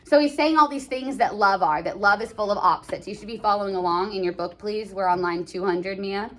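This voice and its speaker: A woman's voice: medium pitch, a little fast. A woman teaching a class, chatty and joking, full of filler words. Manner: chatty, joking, lots of "like" and "you know". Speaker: English teacher. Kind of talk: classroom lesson.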